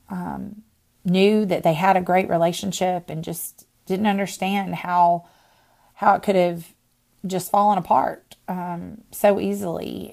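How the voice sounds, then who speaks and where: A woman podcast host and minister telling a personal faith story in an earnest way, with pauses and restarts. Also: on the low side, vocal fry, mellow.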